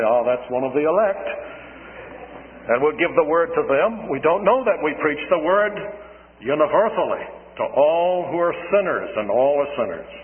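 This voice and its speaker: A man preaching a sermon on the radio, earnest and deliberate, pressing hard on key words. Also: medium pitch. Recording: narrow phone-like old radio broadcast with long reverb.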